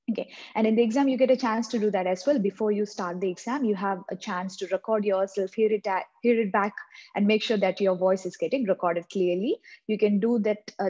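Woman tutor with a non-native english accent, husky mellow voice, dull lo-fi sound, keeps repeating the main points. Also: mid-range voice. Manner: earnest, repeats key points for emphasis. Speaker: exam coaching tutor. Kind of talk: instructional tutorial.

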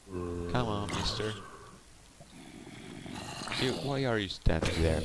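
A man's voice: lowish voice, expressive, takes it slowly, long pauses. A man giving casual gameplay commentary, chatting to the monsters on screen, swearing freely and sometimes dropping to a murmur. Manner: chats to game monsters, swears, drops to a murmur. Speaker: Let's Play host. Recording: clear background noise.

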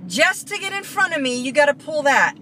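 This Florida woman, also behind the wheel and filming, fires off sarcastic, swearing mutters at the drivers around her. She sounds high, very animated and fairly quick, with road noise audible inside the car.

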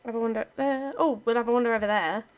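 A woman's voice: fairly high pitch, fairly even intonation, very fast. Chatty woman narrating her game. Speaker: let's play gamer. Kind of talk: casual gameplay commentary.

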